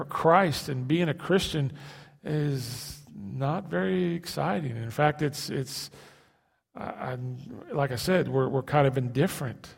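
A male pastor preaching a sermon in a halting way, repeating words and asking rhetorical questions. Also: on the high side, gravelly, long reverb tail.

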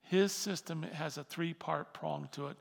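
A man preaching a sermon as pastor, with animated delivery that swings from quiet asides to shouted emphasis. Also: on the high side, measured pace, creaky, in a large hall.

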